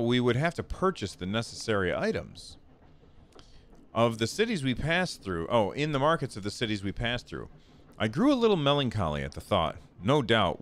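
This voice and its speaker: A man hosting a gaming video, reading a text game aloud and chatting, stumbling over words and joking about himself. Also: fairly low pitch. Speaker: gaming channel host.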